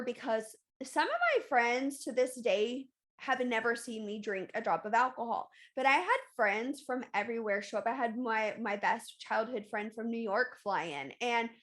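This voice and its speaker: Candid, emphatic woman with a higher voice. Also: a bit bright. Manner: emphatic, candid, repeats phrases for stress. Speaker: podcast host. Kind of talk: casual confessional monologue.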